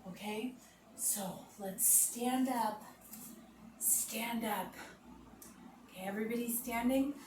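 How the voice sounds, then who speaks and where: A woman leading children through guided relaxation and yoga moves, giving slow, soothing instructions and making playful animal noises. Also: on the high side. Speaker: kids' yoga teacher. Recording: echoey room, voice from a distance, noisy background.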